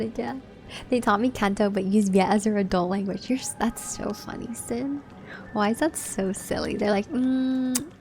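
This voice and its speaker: A young woman from Southern California, medium-pitched with vocal fry and a slightly mellow tone, hosts a livestream. Her manner is relaxed and chatty as she reads the chat and answers it.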